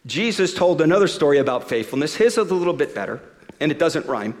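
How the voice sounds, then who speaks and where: Pastor guy with a high voice, reads all bouncy and expressive, long echo of a hall. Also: fast talker. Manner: expressive, rhythmic storytelling. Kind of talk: sermon with a storybook reading.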